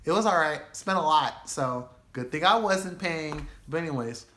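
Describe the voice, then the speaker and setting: A man's voice: on the high side, normal speed. A young man vlogging a storytime, talking casually and profanely, acting out the people in his story. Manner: animated, profane storytelling with acted quotes. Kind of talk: storytime vlog.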